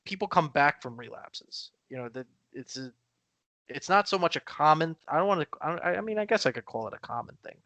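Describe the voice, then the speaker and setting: Bright, dry-voiced man chatting casually. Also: on the high side, expressive, fairly quick, no room sound. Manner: rambling, many fillers and restarts. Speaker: podcast co-host. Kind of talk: casual chat.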